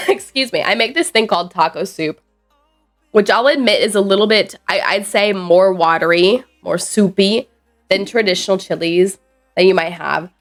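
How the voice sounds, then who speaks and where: A woman's voice: medium pitch, fairly bright tone. A woman streamer chatting casually with her viewers, rambling and reacting playfully to chat messages. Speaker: live streamer.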